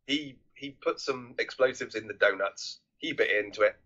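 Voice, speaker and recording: A man's voice: medium pitch, normal speed, bright, forceful tone, muffled recording. A man co-hosting a casual film review podcast, rambling with many restarts and swearing freely. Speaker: podcast co-host.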